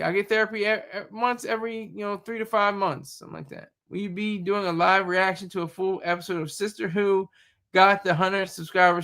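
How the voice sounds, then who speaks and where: A man's voice: high-pitched, sharp tone. A man streaming live, chatting casually and rambling, often repeating words as he reacts to chat. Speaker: YouTube streamer.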